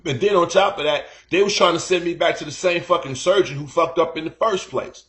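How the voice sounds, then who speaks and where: A man's voice: on the high side, fairly quick, a bit bright. A man telling a story on his live stream in a heated, profane, rambling rant. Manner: rambling, repeats "you know what I'm saying".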